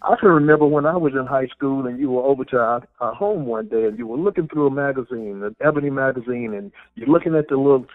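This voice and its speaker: A man's voice: mid-range voice, quick pace, hardly any pauses, phone-quality sound. A man hosting a podcast who tells a childhood story in a reflective way and affirms his guest often. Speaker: podcast host. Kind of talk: conversational interview.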